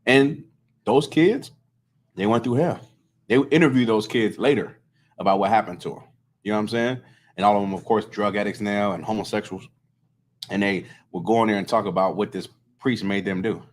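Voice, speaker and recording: A man's voice: fairly low pitch, normal speed, slight background noise. A man teaching scripture to a small group in a loose, conversational way, often checking that listeners follow.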